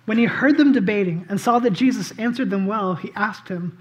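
A man preaching a casual, conversational sermon as pastor. He tells the story in an animated way and often says "like" and "um". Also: sits high, a little fast. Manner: animated storytelling, acts out quoted voices; casual, with frequent "like" and "um".

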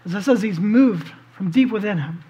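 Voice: medium pitch, animated, normal speed, dark tone, highs cut off. A preacher giving a conversational sermon, telling a scripture story vividly and inviting listeners to picture the scene, with casual fillers along the way. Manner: casual, with frequent "like" and "um".

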